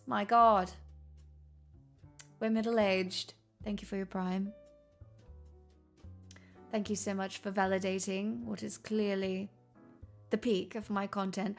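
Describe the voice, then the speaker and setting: A woman live streamer chatting casually with her viewers in a put-on transatlantic accent, with theatrical, drawn-out delivery and plenty of swearing. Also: mid-range voice, gravelly, faint music behind.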